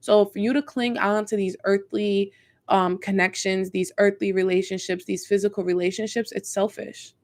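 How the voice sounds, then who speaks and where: Woman spiritual talker, gravelly texture, earnest rambling delivery with fillers. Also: mid-range voice, steady tone, normal speed, a little mellow. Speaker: spiritual content creator. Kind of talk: casual spiritual talk.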